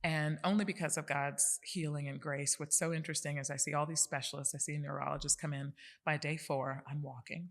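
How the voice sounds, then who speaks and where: A woman's voice: deep voice, steady tone, fairly quick, hardly any pauses. A woman in her forties, a podcast guest, telling a personal story in an earnest, emphatic way.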